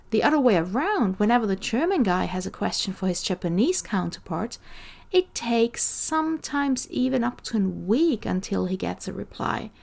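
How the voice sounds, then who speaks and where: Austrian-accented woman hosting a podcast interview, direct and lively, bit of gravel in her voice. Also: mid-range voice. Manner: explains with worked examples, lively and direct. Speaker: podcast host. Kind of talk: conversational interview.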